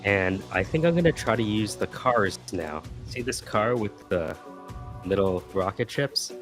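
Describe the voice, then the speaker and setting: A man's voice: lowish voice, lively intonation, measured pace, soft background music. A man hosting a casual live stream, chatting playfully and humming little tunes as he searches. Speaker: show host.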